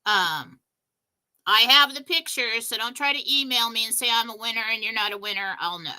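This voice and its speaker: A woman's voice: a little high, normal speed, pushed and bright, rough recording. A woman co-hosting a live stream as a psychic reader, talking breezily with many "um"s and "okay?" tags. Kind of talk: casual live-stream chat.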